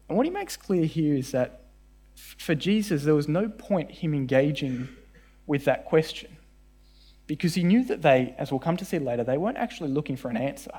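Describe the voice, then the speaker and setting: A man preaching a sermon in church, animated and often acting out the voices in his stories. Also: a little high, breathy edge. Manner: animated, acts out voices in quoted dialogue. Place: church service with congregation.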